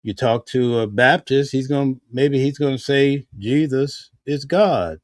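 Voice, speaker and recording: A man's voice: mid-range voice, a little slow, no room sound, studio quality. A man giving casual spoken commentary in a heated, preachy way, full of rhetorical questions. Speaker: vlogger.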